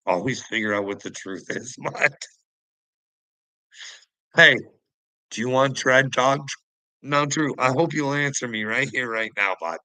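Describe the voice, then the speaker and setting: A Canadian man hosting a livestream, goading the people in his chat and chuckling after nearly every line. He talks in an unhurried drawl with a bright, forceful edge, and his voice is close and dry with no room sound. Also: medium pitch, no echo, low-quality recording. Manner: taunting, laughs often between phrases; addresses chatters by name, mocking. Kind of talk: casual livestream chat with viewers.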